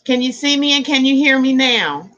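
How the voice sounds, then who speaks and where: A woman's voice: sits high, lively intonation, moderate pace, fairly bright tone, dull audio. A woman hosting a casual livestream from a room at home, chatting, laughing often and greeting her viewers by name. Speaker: tarot reader hosting a livestream. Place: indoor room with air conditioner and fans.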